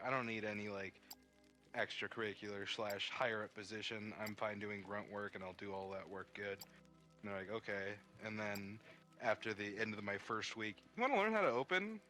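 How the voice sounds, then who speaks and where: A man's voice: fairly low pitch, flat delivery, moderate pace, sharp tone, faint music behind. A man chatting casually on a livestream, swearing as he tells stories about work and acts out both sides of the conversations.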